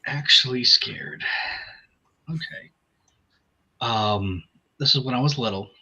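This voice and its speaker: A man from North Dakota, a tabletop game player, telling a story in a relaxed, rambling way. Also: medium pitch, takes it slowly, breathy edge. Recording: dull lo-fi mic.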